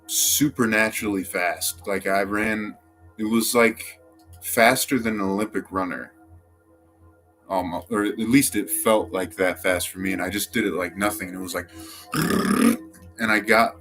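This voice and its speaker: Rambling young man, low voice, faint music. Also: fairly bright tone. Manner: rambling, heavy use of filler "like"; swearing, quick quoted outbursts. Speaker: storyteller. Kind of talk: casual first-person story.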